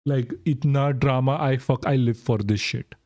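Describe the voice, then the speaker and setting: In a casual reaction stream, a young man giggles and swears while chatting with viewers about a clip, often laughing through his words. His mid-range voice is a little mellow and steady in tone at a moderate pace, captured as clean studio sound without echo.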